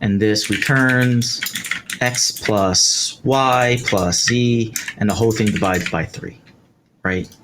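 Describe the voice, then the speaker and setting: Talking slowly in a fairly low voice, a man teaches a live coding session, walking through each step with an "um" or "right" here and there as he works. Keys clatter behind him amid a noisy background.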